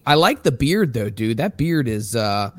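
A man's voice: mid-range voice, very animated, a little slow, dry recording. A man hosting a casual talk show, teasing and joking with his guests. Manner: jokey, teasing, laughs a lot. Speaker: host. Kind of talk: casual banter.

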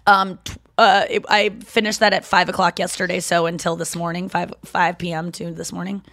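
A woman's voice: on the low side, level tone, brisk, fairly bright tone, no room sound. A woman co-hosting a podcast in casual chat, talking in rambling, self-interrupting bursts. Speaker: podcast co-host.

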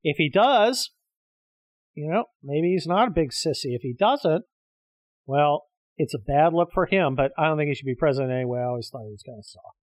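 A man's voice: on the high side, animated, fairly quick, no room sound, clean studio sound. A middle-aged man hosting his own show, delivering a combative, profanity-laced solo rant. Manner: profane, combative, exasperated ranting. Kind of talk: solo ranting monologue.

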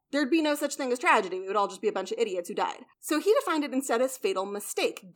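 A young adult woman hosting a casual explanatory talk, chatty, blunt and swearing now and then. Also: a little high. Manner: chatty, swears, lively emphasis.

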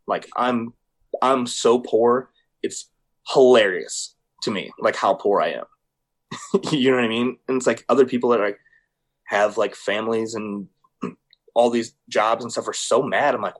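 A young man co-hosting a podcast, telling stories in casual chat, swearing freely and acting out the people he quotes. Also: mid-range voice. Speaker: podcast co-host.

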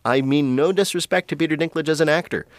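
A man's voice: a little high, fast talker, dry recording. A man co-hosting a casual podcast chat, talking animatedly and laughing often. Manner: animated, laughing, mimics others. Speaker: podcast co-host.

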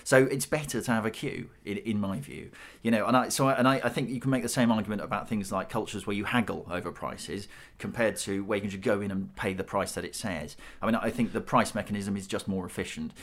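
A man's voice: lowish voice, fast talker, few pauses, a bit bright. A middle-aged British man in a panel discussion, thinking aloud with frequent restarts. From Britain. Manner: thoughtful, restarts often. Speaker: panel guest.

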